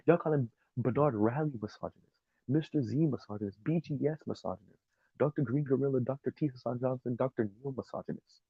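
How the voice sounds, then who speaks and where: A man delivers a sarcastic, emphatic commentary monologue in a husky, mid-pitched voice. The sound is dry and dull, like a lo-fi home recording. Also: fast talker, no echo. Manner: emphatic, sarcastic, laughs at his own points.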